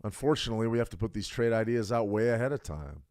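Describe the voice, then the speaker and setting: A man's voice: fairly low pitch, lively intonation, fast, darkish tone, dry recording, studio quality. A middle-aged man hosting a trading livestream, talking bluntly and casually, building to emphatic outbursts. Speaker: trading stream host.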